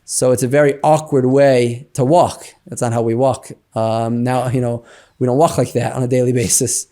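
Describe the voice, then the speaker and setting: Man, interview guest, casual storytelling, animated, lots of fillers, medium pitch. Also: normal speed. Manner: animated, heavy on fillers like "you know" and "like".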